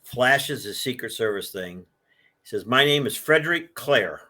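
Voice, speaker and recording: A man's voice: mid-range voice, lively intonation, measured pace, noisy background. An older man telling rambling stories in a casual interview, acting out what other people said. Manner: rambling anecdotal storytelling, acts out quoted voices. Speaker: guest, collector of a presidential car.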